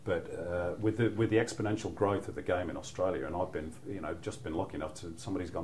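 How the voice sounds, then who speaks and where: A man's voice: low-pitched, fairly even intonation, fast, darkish tone, a little hiss or hum. A middle-aged man with a Mancunian accent, a football commentator chatting as a guest, rambling through anecdotes with lots of "you know" and restarts. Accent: Mancunian English. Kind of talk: relaxed podcast chat.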